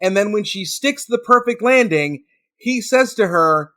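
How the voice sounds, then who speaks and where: A man with a high, bright voice tells stories on a podcast. He sounds animated and indignant. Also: measured pace. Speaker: podcast co-host. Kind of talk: casual chat.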